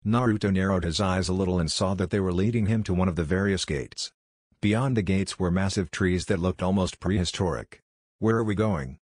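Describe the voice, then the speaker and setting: A man narrating a fan fiction story in a steady, even reading voice. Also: deep voice, brisk, no echo, clean studio sound.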